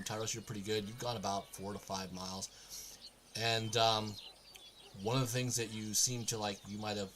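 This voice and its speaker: A man's voice: on the low side, fairly bright tone, a little hiss or hum. A man running a tabletop game as game master, describing scenes and explaining rules with many fillers.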